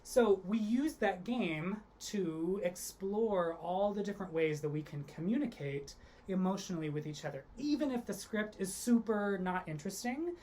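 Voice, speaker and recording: Low-voiced woman leading a drama workshop. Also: a little hiss or hum. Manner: demonstrates games with big emotional line readings. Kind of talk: online theatre workshop instruction. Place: home, video lesson.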